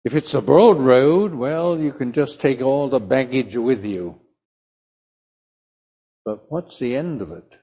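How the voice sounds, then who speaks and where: An older man preaches slowly and emphatically, his husky voice rising and falling with animated pitch. The recording is dull and lo-fi, like an old sermon tape. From south of England. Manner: slow, emphatic, storytelling preaching.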